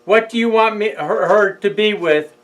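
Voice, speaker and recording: With a high, fairly bright voice at a moderate pace, a middle-aged man with a New York accent casually relates a legal case. He acts out both ends of a heated phone call, and the audio is poor.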